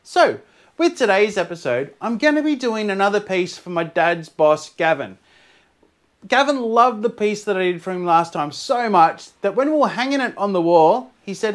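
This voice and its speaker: Excitable Australian man vlogging about art. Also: high voice, normal speed. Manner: excitable, laughs often, bursts into shouts. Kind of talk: casual chat to camera.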